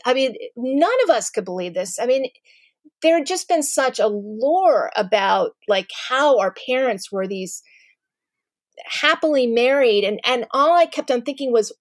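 A middle-aged woman telling a personal family story to an audience, candid and animated, with many ums and restarts. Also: high voice, unhurried, no room sound, clean studio sound.

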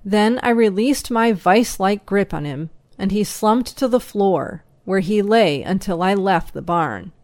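A woman reading a first-person story aloud as an audiobook narrator, slow, even and measured. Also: mid-range voice, no echo.

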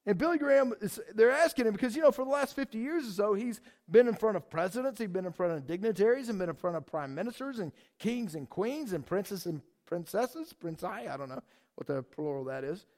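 A man preaching a sermon in a conversational, animated way, asking the congregation questions. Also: sits high, brisk. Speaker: pastor.

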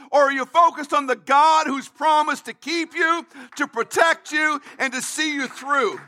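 A man preaching with a very high, piercing, bright voice. He delivers an emphatic livestreamed sermon, reading scripture and repeating key phrases, now and then rising to a shout. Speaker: pastor.

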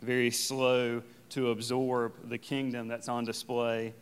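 A man preaching a sermon as pastor, reading scripture and explaining it in a relaxed, conversational way. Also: medium pitch, slow, clean tone. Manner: conversational, paraphrases scripture in casual everyday phrasing. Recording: long hall reverb.

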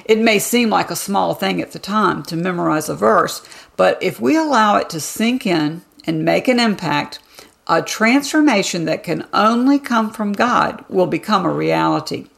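Woman with a heavy vocal fry. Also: medium pitch, animated, moderate pace. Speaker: devotional podcast host. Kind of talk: scripted devotional teaching.

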